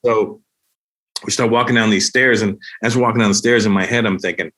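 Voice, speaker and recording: A man's voice: mid-range voice, brisk. Guy telling a wild story on a podcast, swears a lot, jumps into voices for everyone. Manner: animated, profane, acts out the dialogue. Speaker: comedian guest. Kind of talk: comic storytelling anecdote.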